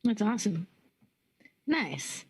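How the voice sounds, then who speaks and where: A woman's voice: mid-range voice, sing-song, slow, a little mellow, husky, rough recording. A woman hosting a livestream, chatty and upbeat in casual talk. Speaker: host. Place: small studio.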